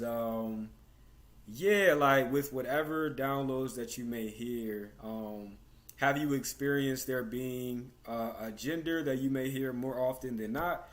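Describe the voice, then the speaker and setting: A man hosting a casual conversation on a video call, talking in a relaxed, slangy way as he asks his guests questions. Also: mid-range voice. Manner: relaxed, slangy, many fillers and restarts. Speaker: host.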